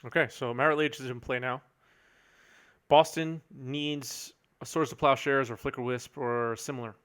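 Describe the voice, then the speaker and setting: A man calls a card game match as it happens. His voice sits at an ordinary middle pitch, and his delivery is chatty and easygoing, with frequent chuckles as he reads out viewer messages. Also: steady tone, normal speed, a bit bright, clear, resonant tone. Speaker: match commentator. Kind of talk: live card game commentary.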